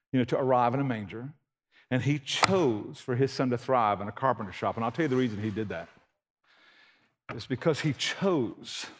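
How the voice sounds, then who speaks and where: A man's voice: medium pitch, a bit bright, a little hiss or hum. A man preaching a sermon in a folksy, emphatic, conversational way. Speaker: pastor.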